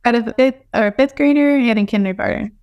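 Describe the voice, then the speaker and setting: A woman's voice: fairly high pitch, fairly quick, smooth, lo-fi sound. A woman in her thirties from Texas, a podcast guest chatting in an easygoing way and laughing often. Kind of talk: casual chat.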